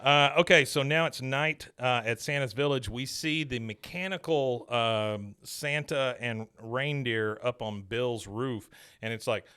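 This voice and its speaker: A man's voice: mid-range voice, a little slow, few pauses, pushed and bright, clear, resonant tone. A man co-hosting a podcast, recapping an episode in casual chat with lots of fillers and laughs. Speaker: podcast co-host.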